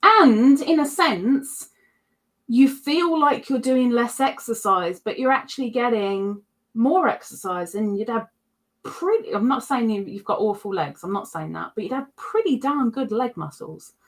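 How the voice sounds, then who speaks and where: A woman's voice: on the high side, animated, unhurried. A woman hosting a livestream, chatting casually and reading out viewer comments in a rambling way. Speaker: livestream host.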